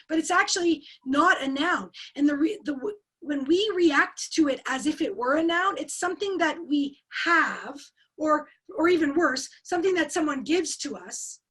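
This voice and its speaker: A woman's voice: sits high, a bit bright. A woman teaching a live online forum over a video call, quizzing her audience and repeating key words with energy. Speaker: speaker at an online coaching forum. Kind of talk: interactive webinar teaching.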